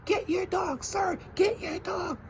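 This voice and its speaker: A Trinidadian man putting on the voice of a hostile woman neighbor, mocking her shrill yelling. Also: slow, slight background noise.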